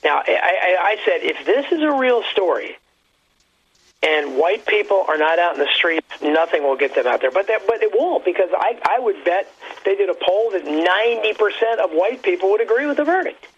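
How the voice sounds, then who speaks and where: A man calling into a talk radio show, chatting casually in a rambling, halting way with many restarts. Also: sits high, lively intonation, slightly rough. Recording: muffled lo-fi phone line.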